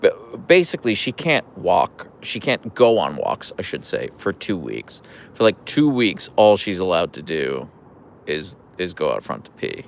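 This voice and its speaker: A tired, relaxed man hosting a casual livestream, rambling with fillers as he answers viewer comments. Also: sits low, a little slow, vocal fry, slight background noise. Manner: relaxed, rambling, with fillers, soft coos to the dogs. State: tired, yawning. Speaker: livestream host with pet huskies.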